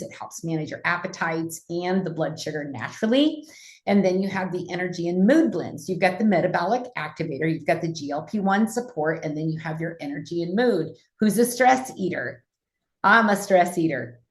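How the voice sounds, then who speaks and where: A woman's voice: lowish voice, expressive, fairly quick, roomy sound. A woman hosting an online wellness class over a video call, explaining in an earnest, conversational way.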